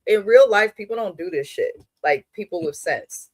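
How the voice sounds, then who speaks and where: A woman's voice: mid-range voice, animated, moderate pace, dry recording. A woman co-hosts a casual reality TV recap in a blunt, opinionated tone and drops swear words freely. Her voice sits close and dry, with no room sound. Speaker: podcast co-host.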